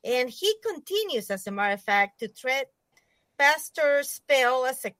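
A woman's voice: high-pitched, sing-song, measured pace, fairly bright tone, no echo, poor audio. A woman calling in to a talk show to give an earnest report, with some hesitant fillers. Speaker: caller. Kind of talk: call-in report.

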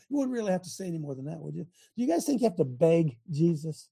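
A man's voice: on the high side, sing-song, fast, gravelly, hardly any pauses, warm tone, breathy edge. An older man preaching a sermon in a fiery way, firing rhetorical questions at his congregation.

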